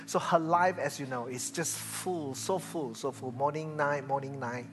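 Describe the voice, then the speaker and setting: An older man, a pastor, preaching a sermon and telling stories, swinging from loud to hushed. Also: mid-range voice, steady tone, normal speed. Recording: reverberant church hall with faint music.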